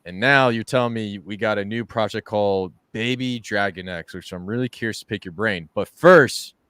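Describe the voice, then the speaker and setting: A man hosting a casual crypto interview, telling stories with animated swings into loud excitement. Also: on the low side, moderate pace, clean tone, no room sound, studio quality. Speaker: podcast host.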